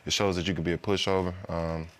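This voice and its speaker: Deep-voiced halting man. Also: level tone, a bit bright. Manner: halting, repeats words, plainspoken. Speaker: co-host, former basketball player. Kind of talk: casual sports talk. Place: studio.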